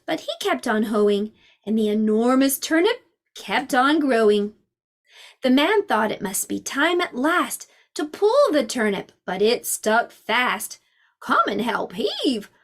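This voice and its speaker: A woman preschool teacher reading a storybook aloud to young children in an expressive, sing-song way. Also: a little high.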